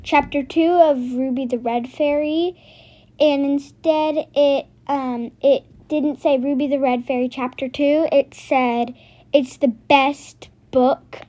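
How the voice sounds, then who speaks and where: A woman reads a children's chapter book aloud as the host of her own story channel. Her voice is high and her pace is slow and careful, with small stumbles as she reads along. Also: fairly even intonation, warm tone, muffled recording. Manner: slow, careful, some slips.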